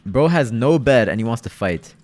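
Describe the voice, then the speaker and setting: A man's voice: mid-range voice, animated, moderate pace, darkish tone, soft background music. A young man streaming a game with his viewers, chatting loosely, repeating himself and calling everyone "bro". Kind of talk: casual live-stream gaming chat.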